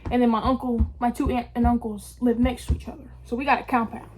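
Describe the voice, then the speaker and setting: A young woman telling a story in a casual, animated way, full of slang and swearing. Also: a little high, quick pace, a little hiss or hum. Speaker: vlogger.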